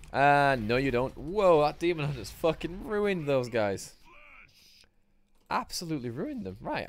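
A man giving sweary, rambling, self-mocking commentary while streaming a game live. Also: mid-range voice. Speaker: gaming streamer.

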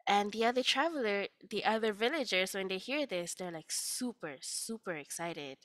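A woman, telling a children's story in a lively, casual way. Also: medium pitch, normal speed, few pauses, dry recording.

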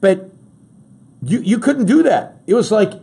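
A male talk show host giving emphatic political commentary, piling up words for emphasis and pausing to muse over his own word choice. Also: high-pitched, expressive, vocal fry, warm tone, husky. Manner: self-correcting, muses aloud over word choice.

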